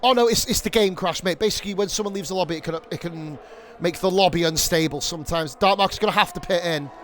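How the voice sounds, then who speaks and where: A young man calls a sim-racing league live on stream, with a noticeably high voice. He is excitable and rambling, swears freely and slips into rants between calls. Faint game music plays in the background. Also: fast talker. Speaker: league streamer and race commentator.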